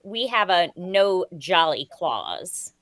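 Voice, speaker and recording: A woman's voice: on the low side, sing-song, a bit bright, dry recording. A woman performing improv over a video call, bubbly and hesitant as she makes up her lines. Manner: hesitant, bubbly, quick laugh. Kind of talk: improv scene acting.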